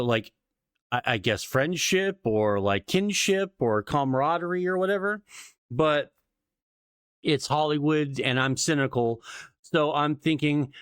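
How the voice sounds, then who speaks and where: Stammering, profane podcast guy, smooth dry voice. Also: medium pitch, no echo. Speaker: podcast co-host. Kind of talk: casual chat.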